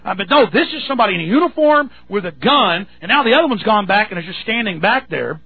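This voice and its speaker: A man's voice: sits high, lively intonation, fast talker, creaky, a little hiss or hum. A man hosting a talk radio show, telling a story in a rambling, indignant way with many restarts. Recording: tinny phone-like radio sound.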